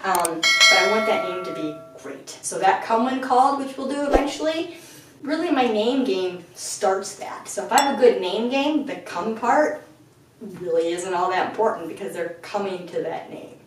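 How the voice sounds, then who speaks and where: A woman dog trainer explaining steps clearly in an instructional video, filmed indoors at home and breaking into high sing-song praise. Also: lively intonation, moderate pace, noisy background. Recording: very echoey room, far from the mic.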